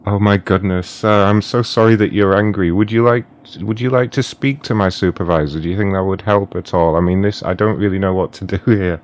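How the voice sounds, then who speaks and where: A man's voice: low voice, steady tone, fairly quick, few pauses, close to an everyday voice. A man playing a flustered customer-service agent in a prank call, stammering and apologizing politely. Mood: flustered, apologetic. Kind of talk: prank call role-play.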